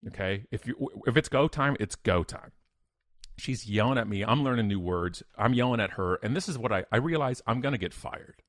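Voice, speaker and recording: A man, a podcast guest, telling a story in an emphatic, energetic way with sudden loud bursts. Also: mid-range voice, brisk, no echo, clean studio sound. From Canada. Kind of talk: animated storytelling in an interview.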